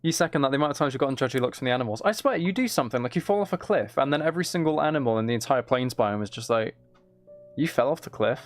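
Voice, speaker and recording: A man's voice: mid-range voice, expressive, racing, few pauses, no room sound, faint music behind. A man chatting casually with his live-stream audience while he plays a game, rambling, joking and teasing viewers.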